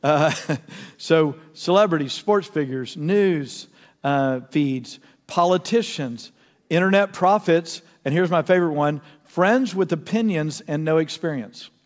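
Middle-aged male pastor, earnest storyteller, slightly higher voice, long hall reverb, soft-to-loud swings. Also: a little slow. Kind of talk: sermon.

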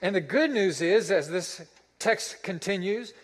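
A man's voice: sits high, expressive, unhurried, long reverb tail, poor audio. A man preaching a sermon as pastor, emphatic and repeating his phrases for effect.

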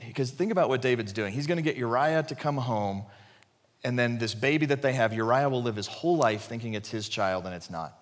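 A man preaching a conversational sermon, retelling the story animatedly and dropping his voice low for emphasis. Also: lively intonation, a little fast, in a large hall.

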